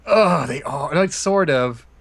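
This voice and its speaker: A man's voice: fairly high pitch, expressive, slow pace, gravelly, fairly bright tone, no echo. A man chatting casually as a guest player, easygoing and laughing between remarks. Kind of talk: casual chat while gaming.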